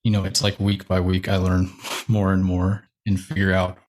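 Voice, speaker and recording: A man's voice: sits low, completely flat delivery, normal speed. A young man, a church media director, talking casually as a podcast guest, rambling with fillers and light laughs. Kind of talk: casual interview chat.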